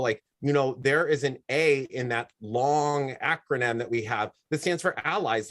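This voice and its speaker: A man as a guest in a casual interview, talking in long, animated, reflective stretches. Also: mid-range voice. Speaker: guest, wrestling manager and drag performer.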